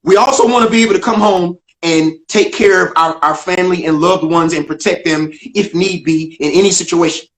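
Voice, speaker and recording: A man's voice: brisk, few pauses, a bit bright. An older man, a stand-up comedian, telling a story as a guest in an emphatic way, acting out dialogue. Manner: emphatic, acts out dialogue, swings pitch widely. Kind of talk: animated storytelling in a video interview. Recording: echoey room.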